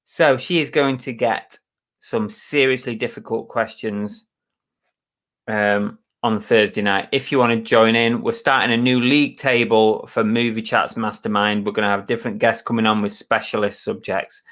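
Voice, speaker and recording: A man's voice: lowish voice, steady tone, moderate pace, a bit bright. A man hosting a casual live stream chat, greeting viewers by name in a chatty, self-mocking way with mild muttered curses.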